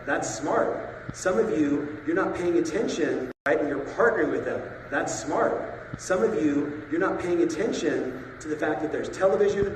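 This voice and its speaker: A man's voice: a little high, a little mellow, slight background noise. A man giving a motivational sales talk in a large conference hall, punchy and constantly checking in with the crowd. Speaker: keynote sales speaker. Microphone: phone recording from the audience. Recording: echoey hall from far off.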